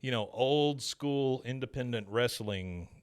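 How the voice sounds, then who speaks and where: A man co-hosting a podcast, recapping an episode in casual, halting chat full of fillers and restarts. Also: mid-range voice, clear, resonant tone.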